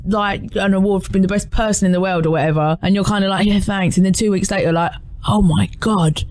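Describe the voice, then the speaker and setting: Animated woman, chatty interview guest, rambling tales with big pitch leaps, dry close studio mic. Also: no echo. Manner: animated, rambling storytelling with lively pitch jumps. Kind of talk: casual interview chat. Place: radio studio.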